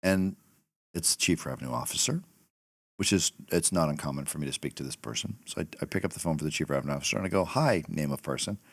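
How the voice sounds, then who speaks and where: A middle-aged man hosting a podcast, telling a story in a casual, animated way and laughing as he goes. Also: very deep voice, fast, vocal fry, no room sound. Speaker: podcast host.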